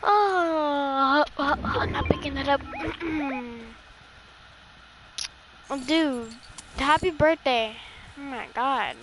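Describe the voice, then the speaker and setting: A young woman chatting excitedly and swearing casually while playing a video game with a friend. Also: sits high, drawn-out words, pauses often, slight background noise, rough recording. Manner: excitable, swears and laughs often. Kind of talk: casual gameplay chat.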